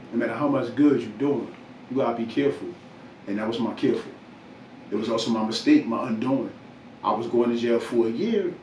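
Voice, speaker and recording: A man's voice: medium pitch, slight background noise. A man from New Jersey in casual podcast talk, emphatic and lecturing, repeating himself to drive each point home. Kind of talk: casual talk, preaching advice. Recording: roomy distant mic.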